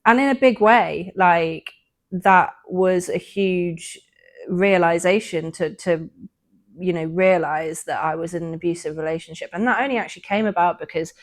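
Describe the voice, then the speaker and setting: Woman on a podcast, lowish voice, chatty and earnest, thinking back on her story. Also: normal speed. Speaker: podcast co-host. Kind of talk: casual personal testimony.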